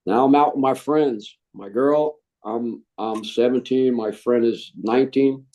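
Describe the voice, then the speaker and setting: A middle-aged man, a Marine veteran, telling his story in an interview, animated and acting out the voices he quotes. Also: medium pitch, measured pace, muffled recording.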